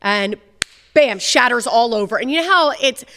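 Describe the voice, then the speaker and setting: A woman's voice: fairly high pitch, expressive, normal speed, a bit bright, in a large hall, slight background noise. A woman co-hosting a TV advice show, chatting and telling stories with animation. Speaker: co-host. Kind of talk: casual chat.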